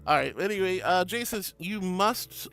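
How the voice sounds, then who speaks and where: A VTuber streamer with a lowish, expressive, slightly bright voice reads chat aloud at a moderate pace over soft background music. She streams casually, giggling affectionately, calling viewers sweetie and honey, rambling and often repeating phrases.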